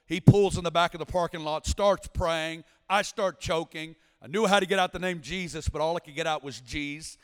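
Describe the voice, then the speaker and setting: Preacher man with a smooth, ringing voice. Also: fairly high pitch, brisk, few pauses. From Arkansas. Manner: lively storytelling with sudden shouted bursts. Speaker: guest preacher. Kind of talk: sermon testimony. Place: large church sanctuary. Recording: long hall reverb.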